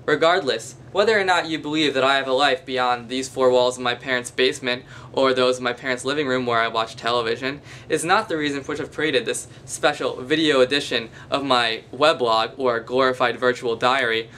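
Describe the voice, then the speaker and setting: A young male vlogger with a nasal, medium-pitched voice that sounds pushed and bright speaks to camera from a basement at night. His comedic monologue is mock-formal and pompous, full of long-winded formal phrasing, with slight background noise.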